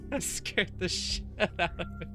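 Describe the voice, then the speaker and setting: A man hosting a let's play, reading a visual novel's text aloud and reacting with frequent swearing and laughter. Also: medium pitch. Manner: swears freely, laughs, reacts loudly to scares. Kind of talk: casual gaming commentary and reading game text aloud. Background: game music.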